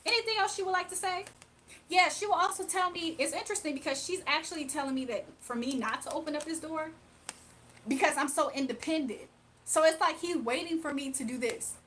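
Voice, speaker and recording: A woman talks through a spiritual reading in a casual, emphatic way, often repeating herself. Her voice sits high. Faint room ambience hums underneath. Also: a little fast, fairly bright tone, slight background noise. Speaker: spiritual reader.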